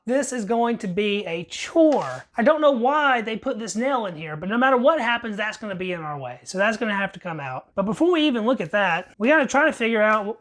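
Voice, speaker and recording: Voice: medium pitch, a bit bright. A rifle reviewer giving a wry, plain-spoken running commentary over a workbench teardown. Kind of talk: casual workbench narration.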